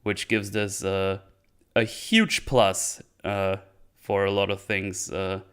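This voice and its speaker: Male streamer, low-pitched and smooth, rambling and unhurried commentary. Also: level tone, fairly bright tone. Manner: rambling, hesitant, thinks aloud. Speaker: streamer reviewing a TV show. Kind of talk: casual livestream commentary.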